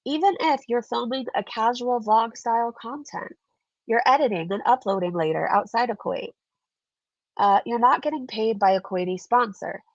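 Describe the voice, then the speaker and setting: A woman vlogger talks through viewer comments in a chatty, sarcastic way. Her voice is congested and gravelly. The recording is dry and a bit muffled. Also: fairly high pitch, moderate pace, no echo. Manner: chatty, sarcastic, laughs often. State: stuffed up, congested. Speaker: commentary channel host. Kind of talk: casual commentary vlog reading viewer comments.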